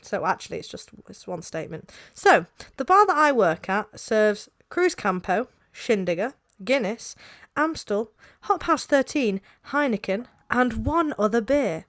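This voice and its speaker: A woman's voice: fairly high pitch, sing-song, unhurried, hardly any pauses, a bit bright. Giggly, teasing woman. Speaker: podcast co-host. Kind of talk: casual chat.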